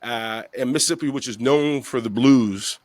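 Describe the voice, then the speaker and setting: A man's voice: medium pitch, moderate pace, no echo. A man from the Bronx hosting a podcast, telling a long story casually and acting out the voices of people in it. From the Bronx, New York. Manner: animated, acts out voices in his stories, laughs often. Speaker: podcast host.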